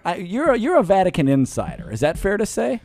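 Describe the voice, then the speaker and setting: A man's voice: high voice, fast talker, no echo. A man in his forties hosting a comedic radio chat, joking and mocking himself. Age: 40s. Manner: joking, self-mocking, lively. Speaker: radio host.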